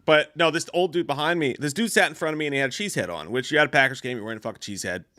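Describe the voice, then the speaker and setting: A man's voice: on the high side, very fast, sharp tone. A man co-hosting a podcast, telling a story in casual chat, swearing often and laughing as he goes. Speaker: podcast co-host.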